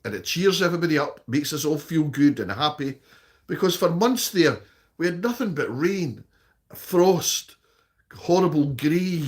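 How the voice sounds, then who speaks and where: A Scottish man chatting casually on a live stream, reading out viewer comments and answering them. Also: fairly high pitch. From Scotland.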